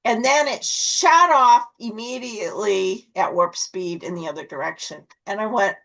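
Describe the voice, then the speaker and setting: A middle-aged woman on a video call, telling a personal story in casual chat and acting out her own excited voice when she quotes herself. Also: mid-range voice, moderate pace, creaky, few pauses, low-quality recording.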